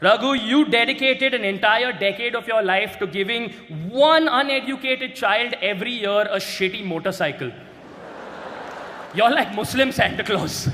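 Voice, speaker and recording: A young man, performing a stand-up roast set and shouting his punchlines brashly. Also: high-pitched, moderate pace. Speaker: roast comedian. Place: large indoor stage venue. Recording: live hall with reverb and crowd noise.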